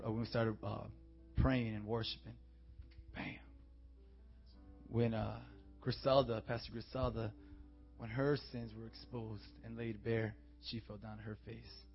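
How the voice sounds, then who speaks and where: Young male youth pastor preaching a sermon. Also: mid-range voice. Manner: preaching with call-and-response, swings from quiet to shouting. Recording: dull, muffled sound with faint music.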